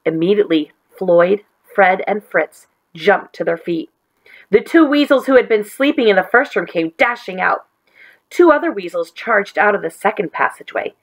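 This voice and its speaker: A woman teacher reading a chapter book aloud to children in a gentle, expressive way. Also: mid-range voice, moderate pace, rough recording.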